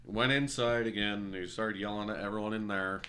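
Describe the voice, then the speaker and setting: A man's voice: fairly low pitch, fairly even intonation, normal speed, a bit bright. A man streaming a game while telling a rambling, self-correcting story in casual, occasionally profane speech.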